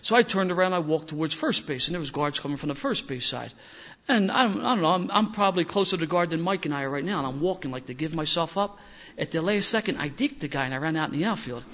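An older man tells a story in a rough-edged, self-mocking way. His voice sits fairly high for a man, and he gets louder and livelier as the tale builds. The recording sounds dull and lo-fi. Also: lively intonation, fast talker. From Philadelphia. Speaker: speaker sharing recovery story. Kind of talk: storytelling talk to an audience.

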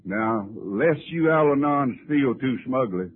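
A man's voice: medium pitch, animated, takes it slowly, narrow, tinny audio. Man, folksy storyteller, wry humor, faint tape hiss. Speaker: recovery meeting speaker. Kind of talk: personal storytelling talk.

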